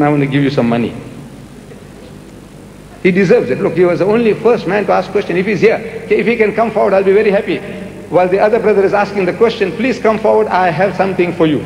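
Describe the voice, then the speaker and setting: A man's voice: sits high, quick pace, vocal fry, darkish tone. A man giving a public lecture and answering audience questions, emphatic and repetitive, coaxing his listeners. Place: large lecture hall. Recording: echoey archive hall recording, faint hiss.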